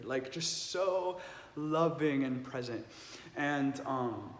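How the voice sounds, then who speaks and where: A young adult man, speaking slowly in a mid-range voice, earnestly and emotionally tells a personal story in a vlog, filling it with lots of "like." The echoey room gives a long reverb, with faint ambience behind him.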